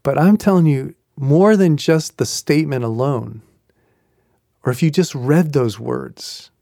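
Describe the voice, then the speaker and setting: A man's voice: a little high, unhurried, vocal fry, dark tone, no room sound, studio quality. A man hosting a devotional podcast, teaching in an earnest, reflective way and repeating key phrases. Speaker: podcast host and Christian teacher.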